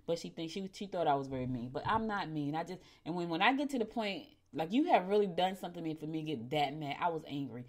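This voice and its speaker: A middle-aged woman hosting a morning show. She tells stories casually, often calls her listeners "y'all," and her voice jumps suddenly in pitch and loudness. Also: lively intonation, quick pace, hardly any pauses. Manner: chatty, addresses listeners as "y'all". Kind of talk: casual storytelling and horoscope reading.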